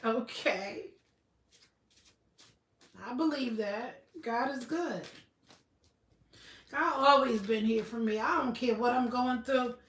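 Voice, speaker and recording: Blunt high-voiced woman livestreaming. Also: slow pace, pauses often. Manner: blunt, profane, emphatic. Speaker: livestream host. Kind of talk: casual livestream chat. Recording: roomy echo, slightly far from mic.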